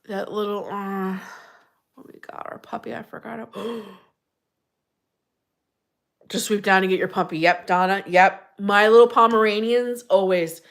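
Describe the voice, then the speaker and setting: A woman's voice: medium pitch, fairly even intonation, a little slow, vocal fry, long pauses, fairly bright tone. Woman hosting a casual live chat; friendly and talkative, laughs a lot, reads out viewer names. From Pennsylvania. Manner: chatty, greets viewers by name, laughs often. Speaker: livestream host reading chat.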